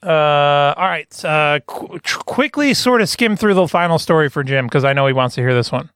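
A man co-hosting a comedy podcast, chatting casually in an animated, joking way. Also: fairly high pitch, clear, resonant tone. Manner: animated, joking, quick to laugh. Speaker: podcast co-host.

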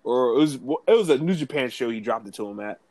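A man chatting casually on a podcast in a relaxed, easygoing way with plenty of filler words. His voice sits in a middle pitch. The recording is dry and close, with no room around it. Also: quick pace, dry recording. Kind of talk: casual wrestling podcast chat.

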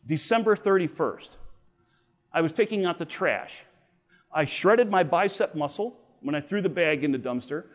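A middle-aged man teaching a Bible lesson to teenagers at a camp, telling personal stories and acting out the voices he quotes. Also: fairly high pitch. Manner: storytelling, acts out quoted voices. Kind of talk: animated youth Bible lesson.

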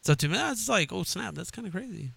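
A laid-back man co-hosting a casual podcast, rambling freely. His voice is bright and a little high, recorded close and dry. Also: animated, fast, creaky, slightly rough, no echo. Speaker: podcast co-host.

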